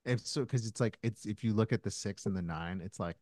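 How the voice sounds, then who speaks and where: A man with a fairly low voice, recorded dry and close. He chats casually as a podcast co-host, rambling through stories with lots of fillers and false starts. He sounds to be in his thirties. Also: fairly quick, a little mellow, no room sound. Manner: rambling storyteller, many fillers and restarts. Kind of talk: casual chat.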